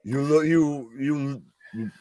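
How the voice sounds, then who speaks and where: A man's voice: mid-range voice, drawn-out words, dark tone, dry recording, clean studio sound. A man co-hosting a wrestling live stream in casual chat, sarcastic and joking.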